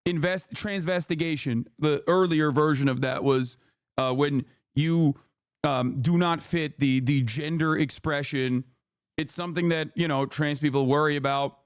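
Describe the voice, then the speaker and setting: A man streaming a heated, profane reaction rant, shouting and mocking as he goes. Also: fairly high pitch, steady tone, unhurried, clear, resonant tone, dry recording, clean studio sound.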